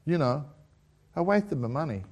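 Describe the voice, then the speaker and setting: Aussie bloke preaching, middle-aged, high voice, cracks jokes and tells stories. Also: male voice, lively intonation, normal speed, a little mellow. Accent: Australian. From Australia. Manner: jokey, storytelling, laughs at his own lines. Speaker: pastor. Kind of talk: humorous sermon with stories.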